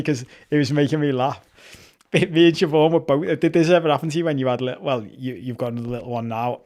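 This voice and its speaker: A Liverpool man in his forties co-hosts a relaxed podcast. He tells stories in a lively way and swears freely, with a mid-range voice. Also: mid-range voice. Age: 40s. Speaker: podcast co-host. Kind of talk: casual chat.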